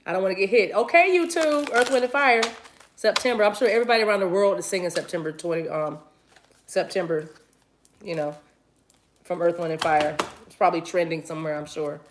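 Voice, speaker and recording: A woman's voice: on the low side, brisk, background noise. A woman giving a casual livestream tarot reading, chatty and playful, laughing easily. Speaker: tarot reader.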